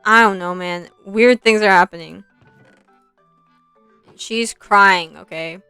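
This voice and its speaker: A woman's voice: medium pitch, slow pace, pushed and bright, clean tone, no echo, faint music behind. A young woman streaming, casually retelling a story in a rambling, easily sidetracked way.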